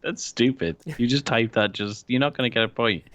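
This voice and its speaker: A man's voice: medium pitch, a little fast, a bit bright. A man co-hosting a podcast in casual chat, answering with dry, teasing quips. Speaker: podcast co-host.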